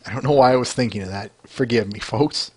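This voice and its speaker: A man's voice: mid-range voice, fast talker, darkish tone, slightly rough. A man hosting a podcast, chatting casually and enthusiastically about fan art. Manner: enthusiastic, chatty, with fillers and laughs. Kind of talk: casual chat.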